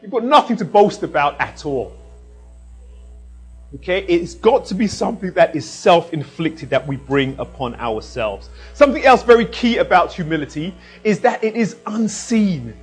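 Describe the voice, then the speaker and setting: A man preaching a sermon in an animated way, swinging from loud emphasis down to a quiet hush. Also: high voice, normal speed, breathy edge, soft background music, low-quality recording.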